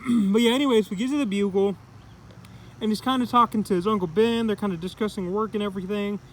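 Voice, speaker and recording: A man's voice: high voice, fairly even intonation, fast talker, poor audio. A man giving a casual, rambling comic book review, full of "like" and "kinda". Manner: rambling, heavy use of "like" and "kinda".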